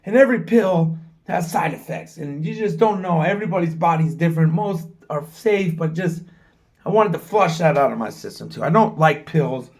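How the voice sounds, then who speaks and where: An American travel vlogger in his forties, filming himself with the camera mic, talks at a moderate pace with lively intonation. His voice is on the high side and a little mellow, and his rambling talk is frank and full of swearing.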